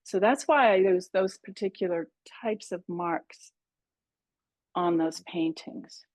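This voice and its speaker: A woman's voice: fairly low pitch, slow, no room sound. A middle-aged woman teaching a painting workshop over a video call, chatting and thinking aloud as she works. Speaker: pastel art instructor. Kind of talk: live online painting demonstration.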